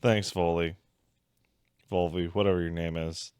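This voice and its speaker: A man's voice: low-pitched, flat delivery, measured pace, darkish tone, clear, resonant tone, no echo, studio quality. A young man chatting casually as a streamer, joking, rambling and swearing while he reacts to videos.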